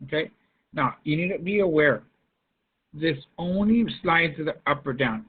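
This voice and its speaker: A man's voice: a little high, lively intonation, normal speed, husky. Man teaching coaxing teacher on tinny call. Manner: coaxing, calls students by name. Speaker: math teacher. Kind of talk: online class lecture. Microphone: video call. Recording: tinny phone-like line.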